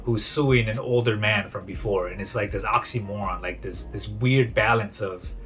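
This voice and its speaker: A man's voice: lowish voice, moderate pace, fairly bright tone, faint music behind. A young man casually summarizing a book he read, in a chatty retelling full of "he's like" and restarts. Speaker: book reviewer.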